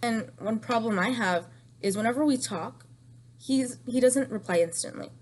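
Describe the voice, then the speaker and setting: A woman's voice: on the high side, normal speed, a little mellow. A young woman telling an emotional storytime vlog, distraught and rambling, repeating herself and crying at times.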